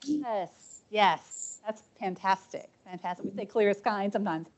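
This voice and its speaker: A woman's voice: medium pitch, unhurried, a little hiss or hum. A woman giving a conference breakout talk, chatty and anecdotal, often checking in with "right?" and "um". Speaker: conference presenter. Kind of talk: conference talk with audience discussion. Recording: dull lo-fi conference recording.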